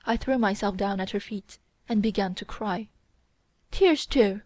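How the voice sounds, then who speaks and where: Female audiobook narrator, steady measured read, dry booth sound. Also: medium pitch, no echo. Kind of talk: scripted narration.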